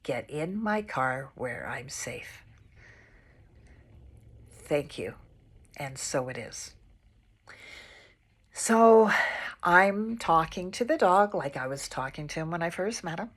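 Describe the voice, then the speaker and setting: A woman calmly telling a personal spiritual anecdote, unhurried and repeating her phrases. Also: sits low. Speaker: storyteller.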